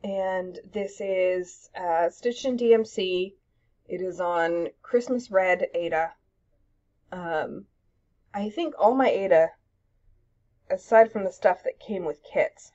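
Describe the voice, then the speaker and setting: A woman's voice: on the low side, darkish tone, dull audio. A young woman chatting casually about her cross-stitch projects at home, rambling with lots of ums and self-deprecating asides. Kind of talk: casual show-and-tell chat.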